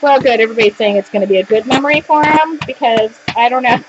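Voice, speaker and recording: A woman in her forties chats through a live crafting stream, her voice sitting a little high. She rambles from story to task, laughing and making fun of herself. The sound is dull and lo-fi, as if from a webcam mic. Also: quick pace, noisy background. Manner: rambling, laughing, self-deprecating. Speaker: craft livestream host. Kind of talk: casual chatty storytelling while crafting. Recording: lo-fi livestream audio.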